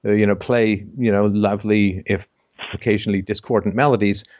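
Low-voiced man hosting a call-in show. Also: fairly even intonation, brisk, a little mellow, no room sound, studio quality. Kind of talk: casual phone-in discussion.

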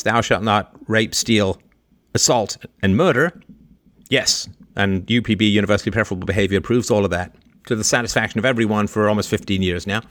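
A man hosting a livestream and answering a listener's question in a long, opinionated monologue. He lectures emphatically, repeats his key lines, and swings between loud sarcastic jabs and quieter asides. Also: fairly low pitch, no echo, clean studio sound.

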